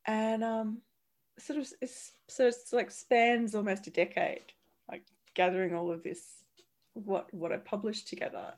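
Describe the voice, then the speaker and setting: A woman's voice: medium pitch, measured pace. Chatty, laughing woman podcaster. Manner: animated, laughing, restarts often. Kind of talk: casual chat.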